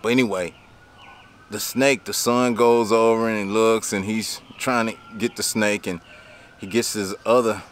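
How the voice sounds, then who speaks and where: Low-voiced rambling man. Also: steady tone, moderate pace, a little hiss or hum. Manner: rambling, laughs often, many fillers. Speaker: lawn care business owner. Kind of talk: casual storytelling to camera.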